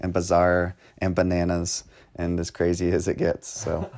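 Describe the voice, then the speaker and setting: A man chatting casually as a co-host on a movie review podcast, speaking in a relaxed, measured way. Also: low-pitched.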